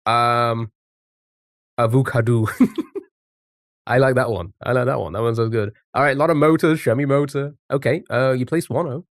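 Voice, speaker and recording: Chatting casually with his viewers during a live stream, a man thinks out loud while guessing words. His mid-range voice, with a non-American English accent, moves at a moderate pace. The audio is studio quality, with no room sound.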